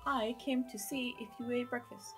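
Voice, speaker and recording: A woman's voice: on the high side, fairly even intonation, normal speed, fairly bright tone, soft background music. A woman chatting casually at home, with teasing, matter-of-fact banter. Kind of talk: casual chat.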